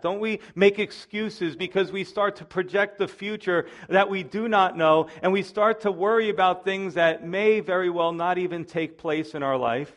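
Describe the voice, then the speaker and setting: A man's voice: sits high, fairly bright tone. A man preaching a sermon as pastor, in a chatty storytelling way.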